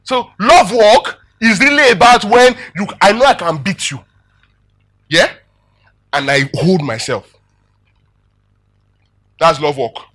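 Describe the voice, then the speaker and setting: A man preaching a sermon as a pastor, animated, laughing often and checking in with his listeners. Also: high-pitched, slow pace, long pauses.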